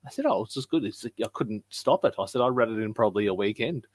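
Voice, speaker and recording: A man's voice: on the low side, lively intonation, fast talker, dry recording. A man chatting casually as a podcast co-host, telling stories and acting out what his wife said. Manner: chatty storyteller, acts out his wife's lines.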